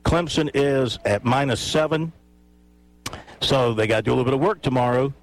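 A man hosting sports talk radio, running through scores briskly and bantering in a relaxed way. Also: medium pitch.

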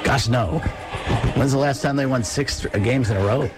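A man's voice: medium pitch, moderate pace, loud music behind the voice. A man co-hosting a sports radio show, teasing his partner in laid-back banter. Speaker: radio co-host.

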